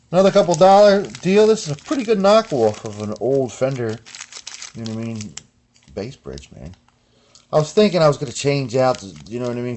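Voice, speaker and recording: A man's voice: medium pitch, a little mellow, a little hiss or hum. A man showing guitar parts in a casual workshop vlog, rambling and slangy, tagging lines with "you know what I mean" and "man". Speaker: guitar builder.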